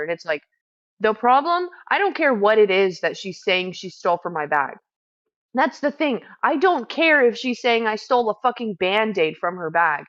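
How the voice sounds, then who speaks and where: A woman of middle pitch tells a story in casual chat, swearing freely. She gets fast and heated as she goes. The recording sounds somewhat muffled and lo-fi. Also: sing-song, fairly bright tone. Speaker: house medic at a streamed camp.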